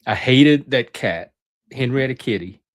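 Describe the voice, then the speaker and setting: A man's voice: mid-range voice, animated, measured pace. A middle-aged man hosting his channel, reminiscing in a chatty, rambling way that often breaks off mid-sentence. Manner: rambling, self-interrupting, chatty. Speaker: channel host. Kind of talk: casual reminiscing monologue.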